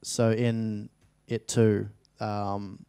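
A man's voice: lowish voice, flat delivery, very slow, mellow, clear, resonant tone, dry recording. A young Australian man in his late teens, an actor chatting casually in a studio interview, rambling with frequent restarts and fillers. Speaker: actor guest.

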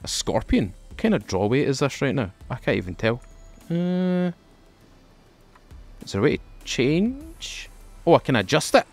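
A man's voice: mid-range voice, unhurried, pauses often, soft background music. A Scottish man playing a survival game, chatting playfully with viewers and joking as he plays. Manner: jokey, excitable, talks to viewers. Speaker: gaming video host. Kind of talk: playful let's-play commentary.

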